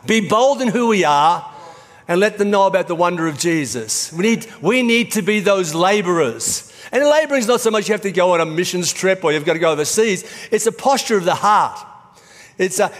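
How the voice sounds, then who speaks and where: Male pastor, middle-aged, high-ish voice, chatty storytelling sermon, echoing hall. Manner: conversational storytelling preaching. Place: church auditorium. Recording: reverberant church hall.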